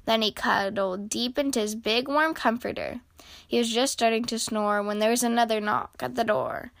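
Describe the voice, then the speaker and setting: A woman reads a children's storybook aloud, lively and expressive. Her voice is bright and a little high, recorded close and dry. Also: moderate pace, vocal fry, no room sound. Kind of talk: reading a picture book aloud.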